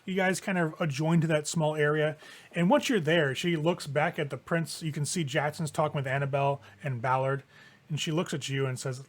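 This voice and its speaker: A man's voice: a little high, fairly even intonation, fairly quick. A man narrating a tabletop game as game master, descriptive and casual. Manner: descriptive, casual with fillers like "kinda".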